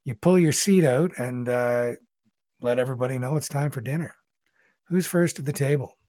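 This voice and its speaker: A man's voice: mid-range voice, moderate pace, warm tone, dry recording. A man narrating a tabletop game as game master in a loose, descriptive way.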